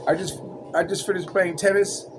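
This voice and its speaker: With a steady tone and a voice pitched fairly high for a man, an older vlogger chats loosely at a small outdoor hangout after tennis. He chuckles, peppers pauses with "you know," and street and traffic noise hum constantly behind him.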